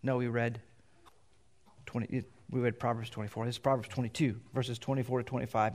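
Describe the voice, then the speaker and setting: A middle-aged pastor preaching in a church, reading scripture aloud and explaining it in a loose, conversational way. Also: male voice, medium pitch, flat delivery, a little fast, darkish tone. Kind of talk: sermon. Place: church sanctuary.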